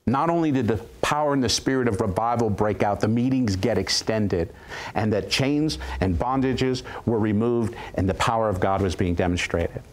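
A man's voice: lowish voice, normal speed, a little hiss or hum. Man telling a dramatic testimony. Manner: animated, dramatic retelling with quoted voices. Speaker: guest preacher. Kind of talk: storytelling testimony.

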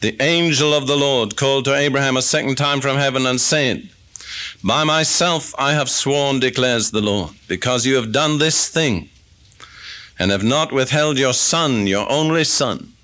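Guy preaching, bright voice, easygoing teaching, slows down on the big words. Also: mid-range voice. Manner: conversational teaching, reads scripture aloud. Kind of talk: expository sermon.

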